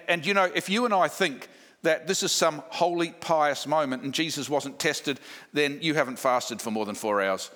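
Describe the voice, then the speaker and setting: A man's voice: on the high side, normal speed, fairly bright tone. A man preaching a sermon, emphatic, building points with repeated lists and rhetorical questions. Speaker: pastor.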